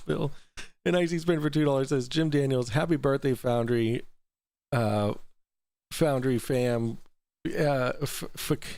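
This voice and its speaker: A man's voice: medium pitch, creaky, darkish tone, no echo. Rambling, laughing livestream host guy. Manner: loose, rambling, swears freely, laughs often. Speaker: livestream talk show host. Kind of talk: casual livestream chat reading super chats.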